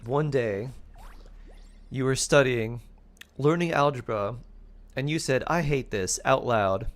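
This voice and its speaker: A man's voice: medium pitch, takes it slowly. A man streaming live, improvising playful fortune-telling stories and laughing often.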